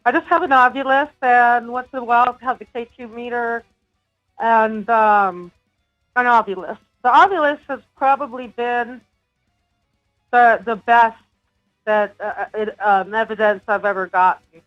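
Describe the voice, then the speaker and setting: A woman's voice: fairly high pitch, unhurried. A woman guest telling her own paranormal experiences in an earnest, casual way, with small laughs. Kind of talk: casual interview talk. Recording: dull lo-fi remote audio with faint music.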